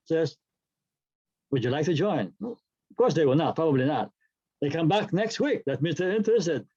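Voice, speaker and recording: A man's voice: a little high, mellow, muffled recording. A man presenting a workshop, talking emphatically and repeating key phrases for the audience. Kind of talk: workshop talk.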